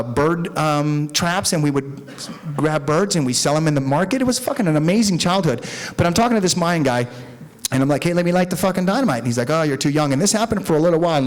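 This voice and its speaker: A middle-aged man from Mexico, speaking at a recovery meeting in a profane, rambling, animated storytelling style before an audience. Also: on the high side. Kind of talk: candid storytelling talk.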